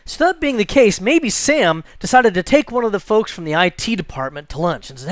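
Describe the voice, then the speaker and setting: A man teaching a screen-recorded software tutorial, chatty and jokey, thinking aloud as he clicks through. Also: high-pitched, expressive, brisk, few pauses, dry recording. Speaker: computer instructor.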